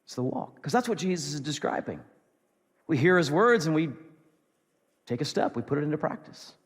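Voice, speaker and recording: A man's voice: on the high side, sing-song, a little fast, slightly rough. Man preaching in a reverberant hall. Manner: earnest, repetitive, swings between loud and soft. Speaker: pastor. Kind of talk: sermon.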